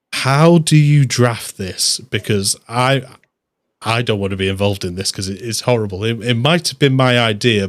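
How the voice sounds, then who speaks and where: A man hosting a live online draft show, upbeat and jokey, with quick asides. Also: on the low side. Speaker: host.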